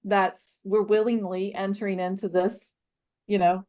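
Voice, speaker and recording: A woman coach in a casual roundtable discussion, telling a story with lively acted-out dialogue. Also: medium pitch, a little slow. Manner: animated storyteller, acts out dialogue.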